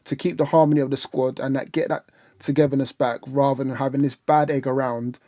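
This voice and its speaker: A man's voice: mid-range voice, level tone, a little fast, mellow, no room sound, studio quality. A man co-hosting a casual fan livestream, ranting bluntly and animatedly, with mocking put-on voices. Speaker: fan channel co-host. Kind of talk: casual livestream football chat.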